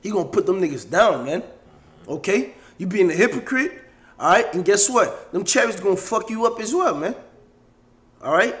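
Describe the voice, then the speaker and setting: A man with a slightly raised voice leads a casual scripture study. He speaks bluntly and coarsely between verses. When he reads the verses aloud, he slows right down. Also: fairly high pitch. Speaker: scripture teacher.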